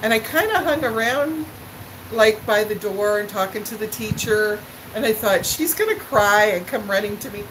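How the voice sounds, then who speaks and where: A woman's voice: mid-range voice, expressive, noisy background. A middle-aged woman hosting a live stream, telling rambling stories with fillers and answering viewer comments. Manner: slow, rambling storytelling with fillers and laughs; chats back to viewer comments. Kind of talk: casual chat to live viewers.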